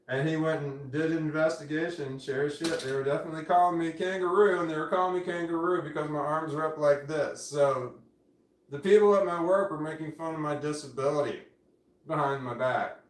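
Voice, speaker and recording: A man in his forties livestreaming from home on a phone, rambling and swearing, often breaking off mid-sentence. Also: a little high. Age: 40s. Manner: rambling, swearing, self-interrupting. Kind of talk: casual livestream chat. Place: indoors at home. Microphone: phone camera. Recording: echoey room, off-mic.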